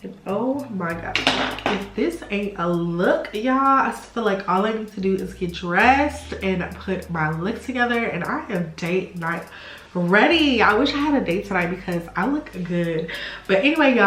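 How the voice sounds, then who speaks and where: A woman's voice: medium pitch, a bit bright, echoey room. Gushing chatty young woman vlogger. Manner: gushing, chatty, says y'all a lot. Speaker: beauty vlogger. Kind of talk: casual hair tutorial chat.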